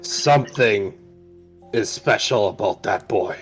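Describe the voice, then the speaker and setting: A man playing a tabletop game, measured in his speech. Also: lowish voice, music in the background. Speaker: player. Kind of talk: casual tabletop play chat.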